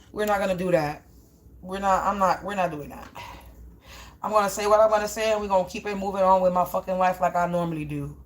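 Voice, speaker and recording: A woman in a spiritual live stream, ranting in a profane, confrontational, rambling way while smoking, her mouth dry. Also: medium pitch.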